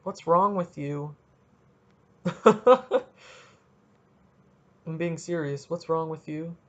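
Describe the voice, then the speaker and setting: Man, from Canada, solo podcast host, rambling, jokey, high voice, dull lo-fi sound. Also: fairly even intonation, measured pace. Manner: rambling, jokey, thinks out loud. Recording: dull lo-fi recording.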